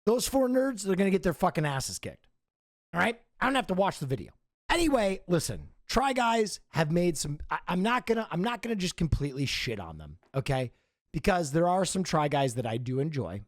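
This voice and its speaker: A man's voice: high-pitched, big pitch swings, brisk, no echo, clean studio sound. A man streamer giving a profane, emphatic commentary rant in a conversational way.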